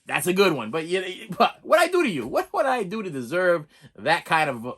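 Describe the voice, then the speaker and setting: A man with a fairly high voice ranting through a casual movie review. His pitch swings all over the place, and he trips over his own words and keeps repeating himself. He chuckles often as he talks. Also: fast talker, creaky. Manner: animated, rambling, repeats words, laughs often.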